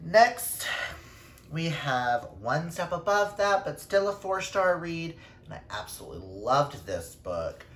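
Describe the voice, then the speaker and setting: A man's voice: on the high side, sing-song, takes it slowly, fairly bright tone. A man chatting casually through a book wrap-up, self-deprecating, with playful asides. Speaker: book reviewer. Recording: roomy echo.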